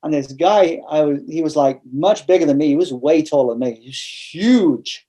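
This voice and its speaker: A man's voice: fairly high pitch, expressive, moderate pace, mellow. A man with an English accent, a guest in a casual interview, telling stories bluntly with frequent restarts. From England.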